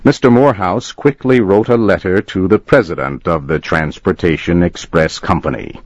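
A man reading a story aloud slowly and deliberately as narrator. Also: low voice. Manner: slow, deliberate, expressive. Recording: dull lo-fi dry recording.

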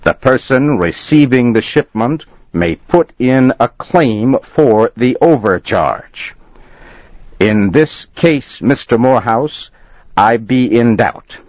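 A man voicing a stubborn, gruff express agent, firm and insistent. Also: mid-range voice, no room sound, voice pushed up. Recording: dull lo-fi recording.

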